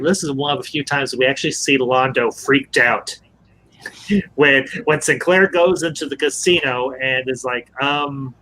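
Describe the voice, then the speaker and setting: A man's voice: medium pitch, sharp tone, a little hiss or hum. A man hosting a casual live-stream review chat, joking around, laughing often and greeting viewers.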